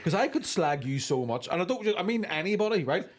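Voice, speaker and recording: Man, comedian, podcast banter, sweary, animated, slightly high voice. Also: fast.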